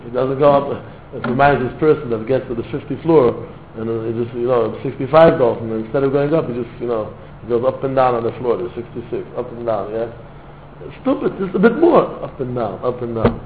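A man's voice: mid-range voice, expressive, fairly quick. Male rabbi, sermon, fervent, echoey room, faint background noise. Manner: fervent, sprinkled with Yiddish and Hebrew words, non-native phrasing. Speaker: rabbi giving a Torah talk. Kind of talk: heartfelt Torah sermon with storytelling. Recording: echoey room heard over a tinny phone-like line.

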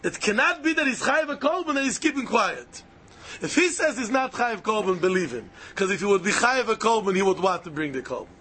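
A high-voiced man leads a Talmud study lesson, his pitch leaping up and down as he argues each side aloud. He hammers his points home by repeating them, and his tone stays bright and forceful throughout. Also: big pitch swings, fairly quick, slightly rough. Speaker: Talmud teacher.

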